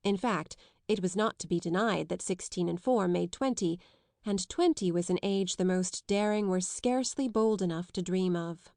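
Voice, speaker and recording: A woman's voice: lowish voice, a little mellow, no echo, clean studio sound. Woman narrating a classic storybook. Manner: measured storytelling. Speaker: audiobook narrator. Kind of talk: scripted narration.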